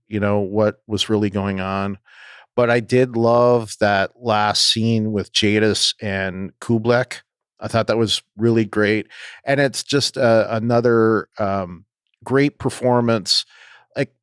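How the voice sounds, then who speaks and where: A man co-hosting a podcast, talking casually and haltingly with many ums and restarts. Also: lowish voice, smooth, dry recording, clean studio sound. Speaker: podcast co-host.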